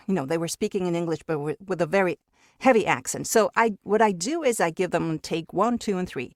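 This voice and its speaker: This is a woman with a lowish voice whose first language is Spanish, talking easily as a guest in an interview. She restarts her sentences and repeats words as she goes. The sound is dry and close, with no room around it. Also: dry recording. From Mexico. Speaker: guest voice actor. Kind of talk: casual interview chat.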